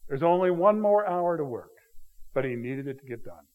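A man with a slightly higher voice preaches through a scripture passage verse by verse. He keeps it conversational, often checking in with his listeners with quick rhetorical questions. He puts lively emphasis on the key points. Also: narrow, tinny audio. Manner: paraphrases the text with lively emphasis. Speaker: pastor. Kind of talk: expository sermon on scripture.

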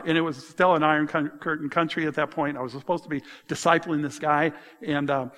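Man, pastor, sermon, slightly high voice, animated and emphatic, long hall reverb.

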